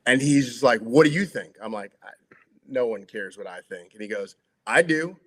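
A middle-aged sportscaster spins loose anecdotes, leaning on "like" and "you know" as he goes. His pitch sits in an ordinary middle range for a man, and he slips into other people's voices to act out conversations. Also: normal speed. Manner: lively storyteller acting out quotes, many "like" fillers. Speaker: sports broadcaster. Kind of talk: casual anecdotal storytelling.

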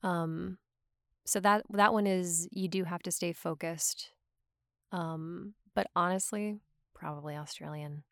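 A woman's voice: fairly low pitch, steady tone, takes it slowly, gravelly, a bit bright, dry recording, studio quality. A woman talking in a casual chat, full of "like" and "um" fillers. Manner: chatty, lots of "like" and "um" fillers.

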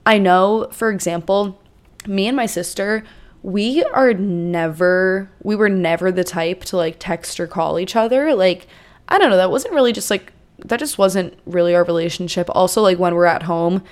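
A woman's voice: mid-range voice, moderate pace. A young woman hosting a podcast, giving casual advice in a chatty, conversational way with plenty of fillers and asides. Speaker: podcast host.

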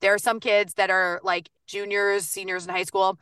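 Bright, chatty woman voice coach. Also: mid-range voice, little pitch movement, smooth, no echo, studio quality, distant mic. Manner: chatty, upbeat, quick bursts with many fillers. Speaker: voice actor and coach. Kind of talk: casual podcast interview.

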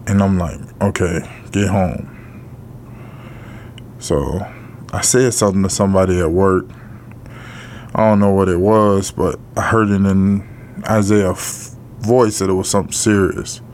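A middle-aged man co-hosting a podcast, telling a personal story in a halting way, with frequent pauses, fillers and blunt casual profanity. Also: deep voice, fairly even intonation, a little mellow, a little hiss or hum. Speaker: podcast co-host.

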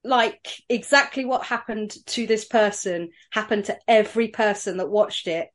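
A woman's voice: mid-range voice, normal speed. A woman guest on a podcast, telling stories chattily with plenty of fillers. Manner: chatty storyteller with many fillers. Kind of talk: casual chat.

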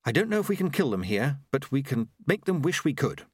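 A man reading an audiobook, voicing a fierce, sharp-tongued young woman who gives curt commands. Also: medium pitch, sing-song, a little fast, husky, dry recording, studio quality, pitched above the performer's own voice. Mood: curt, commanding.

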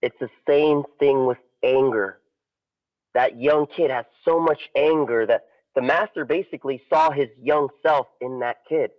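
A man casually telling a parable on a podcast, animated and relaxed. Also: medium pitch, measured pace. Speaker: podcast co-host. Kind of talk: casual storytelling. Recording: dull lo-fi audio.

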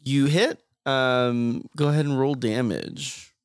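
Gravelly upbeat man game master. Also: medium pitch, steady tone, no room sound, studio quality. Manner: upbeat, encouraging, quick prompts. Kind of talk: running a tabletop game.

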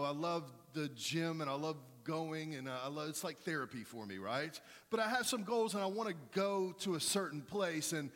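Man, thirties, pastor, sermon, conversational storytelling, self-deprecating, slightly high voice, long reverberant church hall. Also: fairly bright tone. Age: 30s.

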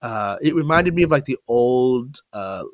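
A man's voice: medium pitch, expressive, unhurried, no room sound, studio quality. Rambling young male podcast host. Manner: rambling, many fillers and restarts. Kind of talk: casual chat.

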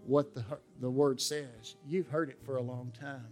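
A man's voice: mid-range voice, measured pace, hardly any pauses, soft background music. A middle-aged pastor preaching an earnest, emphatic sermon in a church, asking his listeners questions. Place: church sanctuary.

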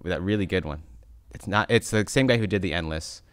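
A man's voice: deep voice, fairly quick, clean tone, dry recording. A man hosting a casual conversation, easygoing, asking questions and giving frequent affirmations.

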